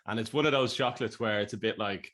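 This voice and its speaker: Irish guy cohosting a podcast, lowish voice, jokey rambly chat. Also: fast talker, fairly bright tone. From Ireland. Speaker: podcast co-host.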